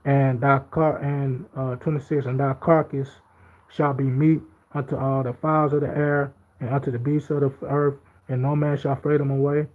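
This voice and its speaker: A man's voice: mid-range voice, level tone, moderate pace. A man teaching from the Bible in an informal talk. He reads scripture aloud, then comments in loose everyday speech, often repeating himself for emphasis. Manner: repetitive and emphatic. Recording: slightly dull lo-fi audio.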